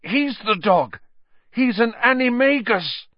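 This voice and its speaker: A man's voice: high voice, big pitch swings, measured pace, no room sound, highs cut off, voice pushed up, exaggerated voice. A man voicing an injured teenage boy speaking through gritted teeth, raised and strained. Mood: pained.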